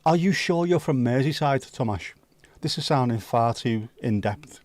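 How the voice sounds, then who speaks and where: Answering his viewers from a home livestream setup, a man tosses off profane jokes and fast asides in a middle-pitched, slightly mellow voice. The audio is close-miked and dry, free of echo.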